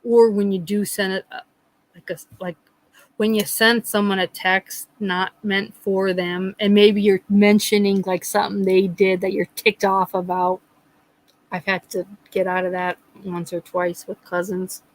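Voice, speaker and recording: A middle-aged woman hosting a live chat, telling a funny story in a lively, laughing way. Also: mid-range voice, a little slow, rough recording. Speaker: livestream host.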